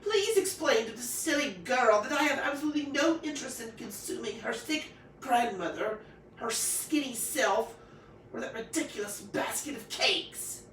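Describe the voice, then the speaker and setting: A woman's voice: on the high side, lively intonation, normal speed, fairly bright tone, distant mic, slight background noise. A woman voicing a scrawny male wolf who is lazy, proud and politely haughty. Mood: languid, polite. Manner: drowsy, dry, politely haughty. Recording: echoey room, voice off-mic.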